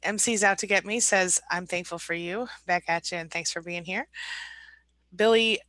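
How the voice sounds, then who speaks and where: Woman hosting a live chat, bright voice, dry close sound, reading comments one by one. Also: fairly low pitch, fairly even intonation, normal speed, dry recording. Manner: warm, emotional, reads viewer comments aloud. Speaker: host.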